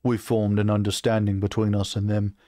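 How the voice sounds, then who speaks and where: Man reading as a tired but proud orc chief, measured and low, dry close recording. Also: monotone, dark tone, no echo, close to an everyday voice. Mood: composed. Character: calm male orc chieftain, weary and proud.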